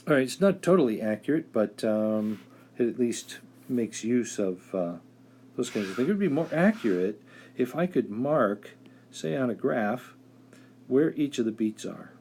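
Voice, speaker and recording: A man teaching music theory, explaining at an easy pace with many pauses and fillers, now and then singing and counting out rhythms. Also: on the low side, expressive, dark tone, a little hiss or hum. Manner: hesitant, many "uh" fillers, sings and taps out rhythms. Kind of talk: relaxed classroom explanation.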